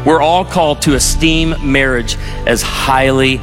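A man's voice: mid-range voice, unhurried, music in the background. A middle-aged male pastor preaching a sermon in a large university auditorium, telling stories with wry humor in a conversational way. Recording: long hall reverb.

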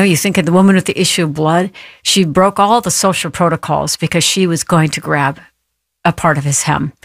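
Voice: mid-range voice, vocal fry, no echo, studio quality. A podcast host urging listeners with preacher-like challenges before asking the guest questions. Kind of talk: exhortation and interview questions.

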